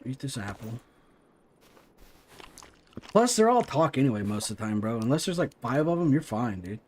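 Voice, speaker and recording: A man's voice: medium pitch, very animated, moderate pace, slight background noise. A man chatting casually on a gaming livestream, swearing freely and rambling through stories from his life. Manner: profane, rambling storytelling.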